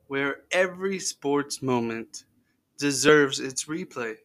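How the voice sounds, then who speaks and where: A man hosts a casual sports history podcast, spinning jokey, goofy stories and playful tall tales in a loose style full of fillers. His voice is medium-pitched and unhurried.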